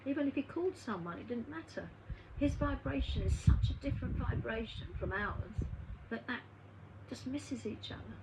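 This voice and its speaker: A woman's voice: on the high side, expressive, moderate pace. A woman who works as a medium and healer, telling a story in a chatty way and acting out the dialogue. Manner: chatty, acts out dialogue in her stories. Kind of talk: conversational storytelling monologue. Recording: noisy recording with a background hum.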